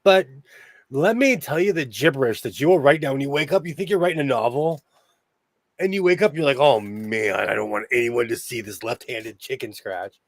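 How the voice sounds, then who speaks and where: A man's voice: medium pitch, normal speed, no room sound. A man with a Minnesotan-sounding accent hosting a sewing channel livestream from his home sewing room, a chatty storyteller who laughs often. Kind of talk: casual livestream chat.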